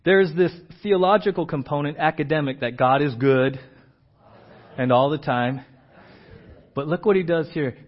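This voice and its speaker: A man with a high-pitched voice preaches a sermon, dropping to a hushed, prayerful murmur and then climbing into loud, emphatic delivery. The recording is dull and lo-fi. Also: moderate pace, long pauses. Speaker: pastor. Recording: dull lo-fi church audio.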